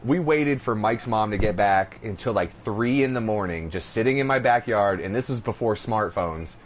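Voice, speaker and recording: A man's voice: on the low side, normal speed. A man hosting a podcast in casual chat, telling stories with lots of swearing and acted-out quotes. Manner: animated storytelling, profane, acts out quotes. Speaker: podcast host. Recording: dull lo-fi audio, faint noise.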